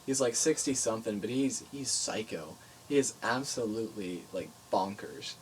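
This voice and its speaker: A young man co-hosting a podcast, telling stories in a jokey, animated way. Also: lowish voice, normal speed, slight background noise, low-quality recording. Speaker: podcast co-host. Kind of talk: casual podcast chat.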